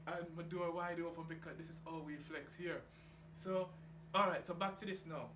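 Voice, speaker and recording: A man's voice: on the high side, level tone, moderate pace. A man rambling casually about his aquarium hobby, laid-back and swearing freely. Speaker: reef tank hobbyist vlogger. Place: home room by an aquarium, door open to outside. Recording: echoey room with outdoor noise. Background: geese and outdoor ambience.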